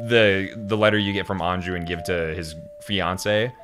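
A man's voice: steady tone, a little slow, over music. A man co-hosting a gaming video, reading a guide aloud in casual banter and swearing when annoyed. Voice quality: deep voice, reads steadily, swears when annoyed. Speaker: co-host of a gaming let's play.

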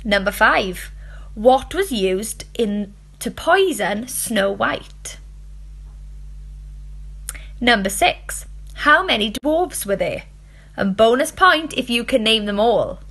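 A woman teacher reading out fairy tale quiz questions and answers, slow, clear and expressive. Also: a little high.

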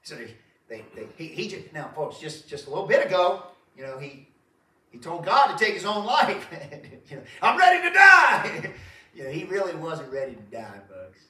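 A man preaches a folksy sermon, his bright, ringing voice swooping up and down as he keeps turning to the crowd. He chuckles between points and circles back on his words. The sound is roomy, as if picked up by a mic set back in a church. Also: fairly high pitch, very animated, a little fast, recorded from a distance. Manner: folksy, repeats himself, chuckles often, calls the crowd folks. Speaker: pastor. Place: church sanctuary.

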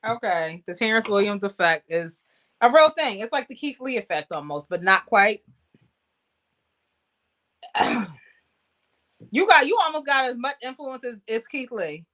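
A woman's voice: on the high side, very animated, measured pace, pauses often, fairly bright tone. A woman hosting a casual livestream chat, teasing her guests and laughing a lot. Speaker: livestream host.

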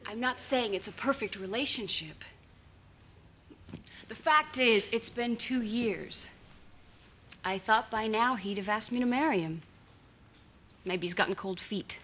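A young woman torn between her older boyfriend and a charming neighbor, talking earnestly and wistfully. Her voice sits slightly high, with a faint hiss under it. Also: measured pace, long pauses, a bit bright. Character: young woman dating an older rich man.

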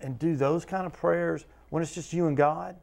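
A man's voice: a little high, steady tone, moderate pace, gravelly, darkish tone. A man teaching a Bible study as pastor, earnest and conversational, asking his listeners question after question. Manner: earnest, talks to listeners with repeated questions, acts out quotes.

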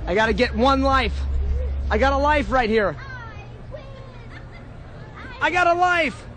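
A man vlogging at a comic convention, goofy and over-the-top, shouting a catchphrase and giving shout-outs. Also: very high-pitched, lively intonation, takes it slowly. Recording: noisy convention crowd around.

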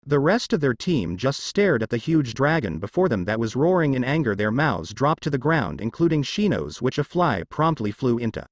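A man reading fan fiction aloud, with animated storytelling. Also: medium pitch, moderate pace, few pauses, dry recording, lo-fi sound.

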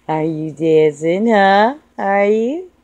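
A woman's voice: medium pitch, expressive, slow pace, a little mellow, no room sound, muffled recording. A young woman filming her baby on a phone at home, talking in coaxing, playful baby talk. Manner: sing-song, coaxing and playful. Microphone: phone held over the baby.

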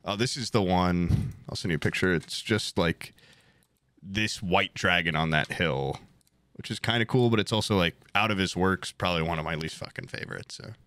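Profane, rambling podcast co-host, bright timbre. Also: male voice, sits low, moderate pace, dry recording, studio quality. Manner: rambling, profane, enthusiastic about art. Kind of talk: casual chat.

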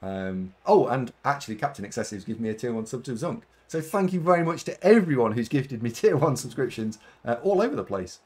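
Husky-voiced man chatting on stream. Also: mid-range voice, big pitch swings, a little fast, hardly any pauses, darkish tone. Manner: chatty, thanks viewers, rambles with fillers. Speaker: game streamer. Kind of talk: casual live-stream chat while playing.

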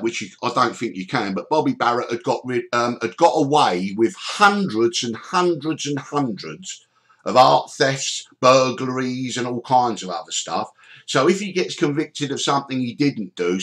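A middle-aged man hosting a podcast, telling stories in an animated way, swearing freely and acting out the people he quotes. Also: mid-range voice. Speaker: podcast host. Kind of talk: storytelling chat.

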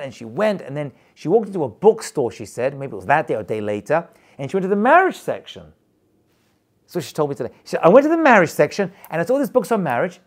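A man's voice: medium pitch, creaky. A middle-aged man, a rabbi, teaching a class in a chatty, storytelling way with acted-out quotes. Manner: animated, chatty, tells anecdotes with acted quotes. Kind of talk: lively storytelling lecture.

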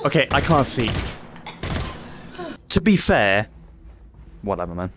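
A man's voice: mid-range voice, sing-song, background noise. A young man, commentating a game casually, swearing often and laughing easily. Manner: chatty, swearing, quick to laugh. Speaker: gaming YouTuber. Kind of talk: casual let's-play commentary.

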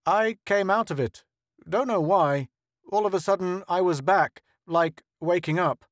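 A man's voice: sits high, a little slow, no room sound, studio quality, voice pushed up. A man doing Lodgson, a sly wolfish crewman. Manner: sly, ominous.

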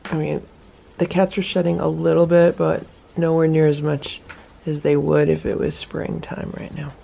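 A woman filming a casual vlog about her cats, chatting about their routines and coaxing them with a high voice. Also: little pitch movement, normal speed, gravelly, warm tone, lo-fi sound. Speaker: cat vlogger. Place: indoor room with cats.

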